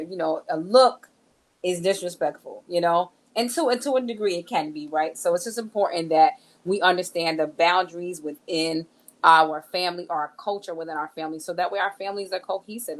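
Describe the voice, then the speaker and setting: Woman co-host, slightly low voice, casual and upbeat church-recap chat aimed at viewers. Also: fairly even intonation, brisk. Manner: chatty, upbeat, addresses viewers directly with "right?" and "all right"; nerdy, enthusiastic about books. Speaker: church leader co-hosting a sermon recap.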